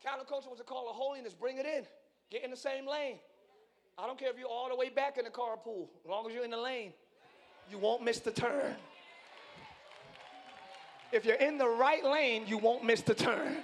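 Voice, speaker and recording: Man, pastor, very high voice, live sermon, excitable, playful, loud and quiet swings. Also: moderate pace, pauses often, a little hiss or hum. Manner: playful, teases the congregation. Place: large church hall.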